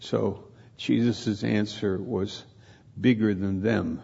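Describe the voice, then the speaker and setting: A man preaches slowly in an informal sermon, his voice gravelly and husky. He pauses and restarts his words as he thinks aloud. The recording sounds dull and lo-fi. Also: lowish voice, steady tone, mellow. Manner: halting, repeats and restarts words while reflecting.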